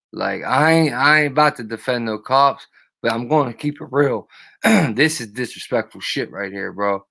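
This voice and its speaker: A man running a live stream in a loose, profane rant that wanders from point to point. His voice sits at an ordinary middle pitch, and he keeps breaking off to call out to people in his chat. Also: gravelly, a bit bright. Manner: profane, rambling, greets chatters by name.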